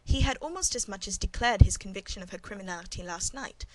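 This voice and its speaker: A woman's voice: medium pitch, fast talker, a little mellow, low-quality recording. Woman narrating a classic novel. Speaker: audiobook narrator. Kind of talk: scripted first-person narration.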